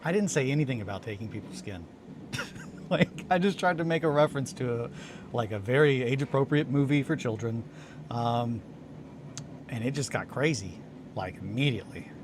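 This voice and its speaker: A man's voice: mid-range voice, moderate pace. Tired man rambling on a noisy stream. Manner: rambling, self-interrupting, restarts and fillers. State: tired, just woken up. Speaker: hobby livestream host. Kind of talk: casual rambling storytelling to viewers. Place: home studio and workshop.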